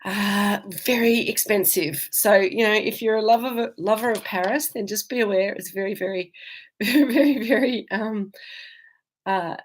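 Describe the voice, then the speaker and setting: Her medium-pitched voice stays steady as she talks at a normal speed with few pauses, over slight background noise. The Australian-accented woman is indoors on her travels, running a live virtual wine tasting. She responds to viewer comments in a loose, rambling chat full of ums and false starts.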